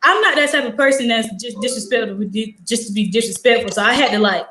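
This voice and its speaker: A teenage girl and high school student, telling a story in casual chat, acting out the dialogue with lots of fillers. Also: quick pace, echoey room, slight background noise, poor audio. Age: teens. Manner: animated, acts out quoted dialogue, many "like" fillers.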